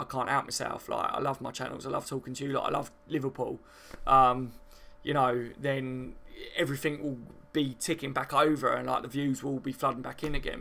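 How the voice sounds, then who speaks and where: A man's voice: mid-range voice, vocal fry, fairly bright tone. A man from the south of England, chatting casually on a football live stream and answering viewer comments, rambling and full of fillers.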